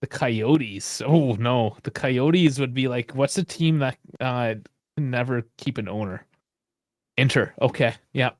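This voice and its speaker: A man's voice: mid-range voice, a little slow, a little mellow, dry recording, clean studio sound. A man hosting a sports podcast, bantering casually and swearing loosely. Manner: loose, profane banter with frequent laughs. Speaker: podcast host. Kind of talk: casual chat.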